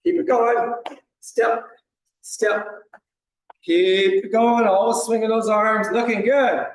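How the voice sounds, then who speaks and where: Male fitness instructor, encouraging, counts reps; high voice, distant mic in a very echoey room. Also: steady tone, slow, slight background noise. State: slight cough. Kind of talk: coaching an exercise class.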